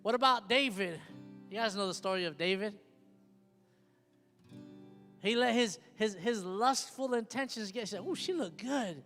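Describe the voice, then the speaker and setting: A man's voice: sits high, normal speed, long pauses. A man preaching a sermon as pastor, emphatic and often asking the congregation if they hear him. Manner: emphatic, repeats questions to the congregation. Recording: long hall reverb with soft guitar behind.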